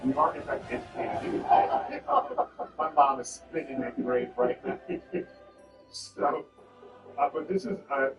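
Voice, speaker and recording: A man's voice: mid-range voice, takes it slowly, long pauses. A male host in a casual chat, joking and playful as he leads the show. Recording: distant echoey lo-fi audio with music.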